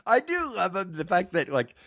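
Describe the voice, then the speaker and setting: A man's voice: high-pitched, wildly swooping pitch, normal speed, fairly bright tone. Laughing man telling school stories. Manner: storytelling, acts out quoted voices, laughs often. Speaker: podcast co-host. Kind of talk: casual comedic chat.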